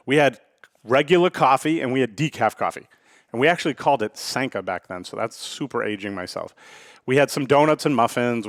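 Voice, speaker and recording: A man's voice: medium pitch, fairly bright tone, no room sound. Chatty middle-aged man, dry close sound. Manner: chatty, storytelling, frequent "right?" asides. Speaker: podcast host. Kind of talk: casual business talk.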